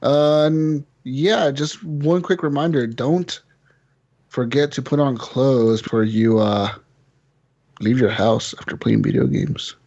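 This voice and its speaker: A man hosting a casual gaming podcast, loose and profane. He laughs between lines and tells game stories with animated energy. The recording is a little dull and lo-fi. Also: mid-range voice, slow pace, gravelly. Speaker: podcast host. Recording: slightly dull lo-fi audio.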